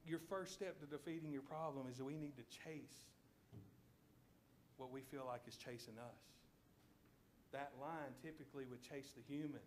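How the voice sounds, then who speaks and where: A man preaching a sermon in a church, telling a story with lively checks of the congregation. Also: mid-range voice, normal speed, pauses often, a little hiss or hum. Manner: animated storytelling, addresses congregation with "okay?". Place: church sanctuary.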